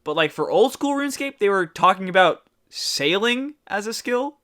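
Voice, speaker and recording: Brief: upbeat male podcast co-host, a bit high, bright tone, giggly, stumbles on words. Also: big pitch swings, normal speed. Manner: laughs often, stumbles over words. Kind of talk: casual gaming podcast chat.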